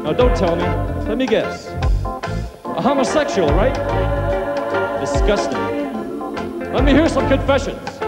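A sneering, money-loving TV preacher mocks his congregation. The voice sits high and leaps around. It rings in an echoey hall, with loud music under it. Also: very animated, a little slow, pauses often, exaggerated voice. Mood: scornful. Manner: scornful, mocking, preaching. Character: sneering male TV preacher, greedy and cruel. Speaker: televangelist. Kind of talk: 1980s TV sketch comedy.

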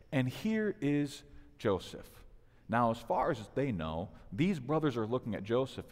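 Male pastor, thirties, lively sermon delivery, reverberant church room. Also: mid-range voice. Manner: animated preaching, voices the figures in quotes. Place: church sanctuary.

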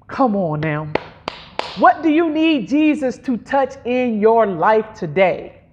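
A woman's voice: on the high side, sing-song, muffled recording, a little hiss or hum. A woman preacher delivering an emphatic sermon, drawing out her phrases, gasping for effect and calling on the congregation to repeat after her. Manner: emphatic, drawn-out phrasing with audible gasps.

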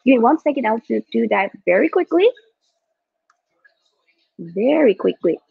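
A young woman hosting a live football watchalong from home, excitable and reading out viewer chat. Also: fairly high pitch, unhurried, gravelly, husky, no echo. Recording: dull lo-fi dry mic.

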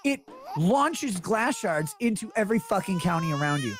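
Brief: male streamer, sarcastic profane rant, very animated pitch. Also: moderate pace. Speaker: livestreamer reading chat. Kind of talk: ranting livestream monologue.

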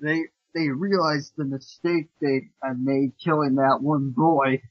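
A man's voice: fairly high pitch, steady tone, unhurried, dry recording. A man reading a fanfiction story aloud for laughs, mocking the text and swearing at it as he goes. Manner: mocking, swears and breaks off to joke about the text. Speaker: fanfiction reader. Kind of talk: comedic read-aloud with commentary. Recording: dull lo-fi dry recording.

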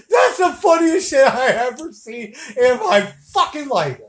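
A man in his forties filming at home, laughing hard, swearing and talking loudly in casual chat. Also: very high voice, sing-song, measured pace, heavy background noise. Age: 40s.

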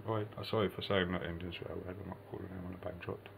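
A deep-voiced man from the United Kingdom rambles through a casual vlog, swearing often and dropping into muttered asides. His voice is gravelly, and faint noise sits under the recording. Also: little pitch movement, quick pace.

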